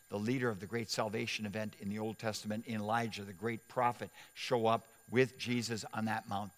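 Preacher guy, lowish voice, storytelling sermon w/ big dramatic emphasis, echoey church hall. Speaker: pastor.

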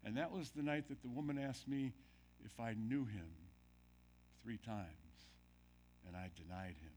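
A man's voice: medium pitch, a little slow, slight background noise. Dramatic preaching man. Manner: dramatic, drops to near-whispers then builds loud; asks the congregation questions. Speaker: pastor. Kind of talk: sermon.

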